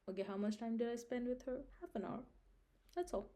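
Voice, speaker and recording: A woman's voice: a little high, animated, normal speed, mellow. A young woman vlogging casual life advice straight to her viewers, emphatic and repetitive, often checking in with a question. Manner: emphatic, repeats points, checks in with "Understand?". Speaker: vlog host giving life advice. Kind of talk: casual direct-to-camera advice.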